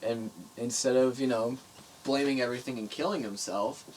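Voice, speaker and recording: A young man co-hosting a podcast, telling stories in a jokey, animated way. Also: mid-range voice, moderate pace, slight background noise, poor audio. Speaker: podcast co-host. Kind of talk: casual podcast chat.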